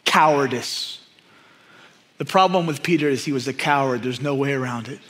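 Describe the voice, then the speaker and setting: A man preaching a sermon, emphatic and repetitive, often dropping to a hushed, intense tone. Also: medium pitch, normal speed. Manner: emphatic, repeats key phrases, drops to hushed intensity.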